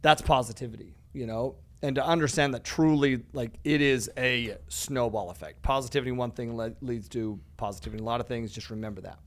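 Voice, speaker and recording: Gravelly-voiced man telling animated stories. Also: medium pitch, brisk, few pauses. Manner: animated storyteller, says "dude" often, acts out dialogue; swears freely. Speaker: podcast guest, real estate educator. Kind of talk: casual podcast conversation.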